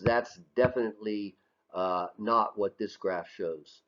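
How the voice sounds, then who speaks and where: Speaking slowly in a lowish, slightly bright voice, a male teacher talks through a slide lecture on a dull lo-fi recording. His style is conversational: he poses questions, answers them himself, and frequently adds "right?".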